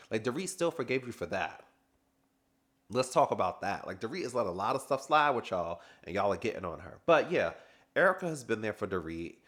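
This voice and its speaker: A man's voice: mid-range voice, fairly bright tone. A man giving a casual, sassy recap review of a reality TV reunion, chatting and laughing as he goes.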